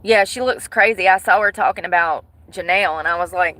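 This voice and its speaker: A woman vlogger chatting casually to her viewers in a gossipy, animated way, cursing freely. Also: medium pitch, brisk, few pauses. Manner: animated, swears, breaks into laughter.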